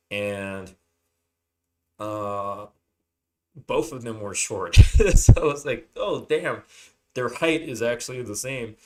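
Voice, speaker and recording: Low-voiced man swearing through a rambling monologue. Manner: rambling, heavy swearing, many fillers. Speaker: channel host. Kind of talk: casual unscripted monologue.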